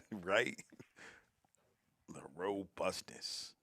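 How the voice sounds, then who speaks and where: A man's voice: low voice, sing-song, extremely slow, gravelly, a bit bright, no echo. A man doing casual live commentary on a pool stream, teasing the players, giggling often and talking straight to his viewers.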